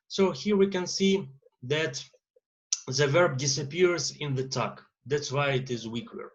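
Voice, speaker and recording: A man with a Russian accent teaching an English grammar lesson, pausing often with "uh" fillers. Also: on the high side, dull audio. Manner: lecturing with many uh fillers and pauses.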